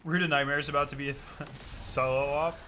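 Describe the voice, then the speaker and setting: A man streaming a game, chatting casually and excitably with plenty of slang and swearing. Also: on the high side, fairly quick, slight background noise. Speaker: gaming streamer. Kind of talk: casual chat over gameplay.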